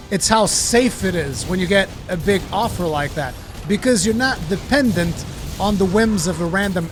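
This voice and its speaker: A man streaming a game, chatting casually and rambling with plenty of swearing. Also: high-pitched. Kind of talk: casual live-stream chat.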